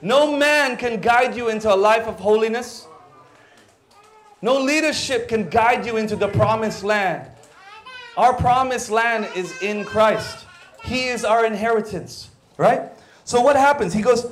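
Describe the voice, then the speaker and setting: A high-pitched Filipino man preaching with lively energy, slipping Cebuano words into his English. He keeps acting out quoted voices and swings between urgent pushes and hushed asides. His delivery is expressive and theatrical. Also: measured pace, a little hiss or hum. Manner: animated, acts out quoted voices, sudden drops to near-whisper. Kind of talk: sermon.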